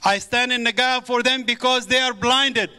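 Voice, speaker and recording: A man's voice: extremely high pitch, steady tone, normal speed, bright, forceful tone, clear, resonant tone. A middle-aged man from the Middle East, a native Arabic speaker, giving a fervent sermon-style testimony to an audience in a large church. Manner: fervent preaching with exclamations of praise. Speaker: guest speaker. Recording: echoey hall with audience.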